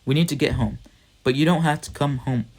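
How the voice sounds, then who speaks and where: A man's voice: medium pitch, darkish tone, lightly acted. A man voicing a scrappy city boy, coaxing. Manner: coaxing street slang, quick.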